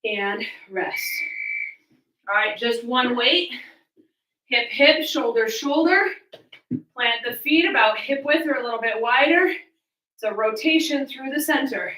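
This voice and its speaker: Breathless high-voiced woman fitness coach. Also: a little slow, long pauses, pushed and bright, roomy sound, far from the mic, poor audio. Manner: counting reps and cueing moves while exercising. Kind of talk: coaching a live home workout. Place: small hot room at home.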